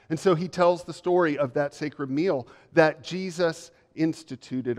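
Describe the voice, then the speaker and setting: A male pastor delivers a measured, emphatic sermon full of repeated phrases. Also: on the high side. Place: church sanctuary. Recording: long reverb of a church hall.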